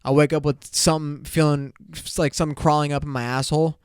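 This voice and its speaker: A young man hosting his own podcast, rambling loosely and crudely in casual solo talk with bursts of excitement. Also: fairly high pitch, fast talker, clear, resonant tone, dry recording, studio quality. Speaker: podcast host.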